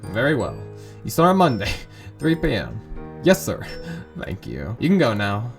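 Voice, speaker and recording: Brief: man putting on a gruff old shopkeeper, stern and slow, barks orders. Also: medium pitch, wildly swooping pitch, soft background music, pitched below the performer's own voice, heavily acted.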